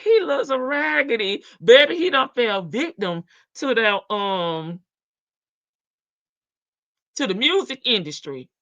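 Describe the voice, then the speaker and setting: Slow, bright-voiced Southern woman. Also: fairly high pitch, big pitch swings, no room sound. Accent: Southern American. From Southern United States. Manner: folksy, laughing, calls listeners baby and child. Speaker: livestream host. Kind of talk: casual gossip chat with viewers. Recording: dull lo-fi stream audio, dry.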